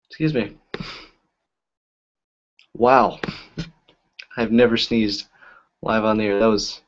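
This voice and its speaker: A magician with a lowish, slightly bright voice chats casually on a live stream. He talks very slowly, with long pauses and huge pitch swings, telling rambling stories packed with fillers. The audio is dull and lo-fi.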